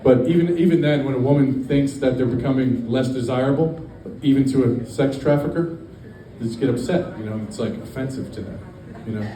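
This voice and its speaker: A man doing a stand-up set in a brewery, deadpan and rambling, with lots of fillers. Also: mid-range voice, fairly quick, hardly any pauses, slight background noise. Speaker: stand-up comedian. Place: brewery stage. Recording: echoey room, distant mic, faint ambience.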